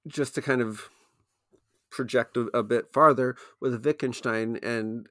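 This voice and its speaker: Podcast co-host, male, mid pitch, dry close sound, halting and exploratory delivery. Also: steady tone, a bit bright, no room sound. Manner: halting, restarts often, thinks aloud. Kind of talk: casual philosophical discussion.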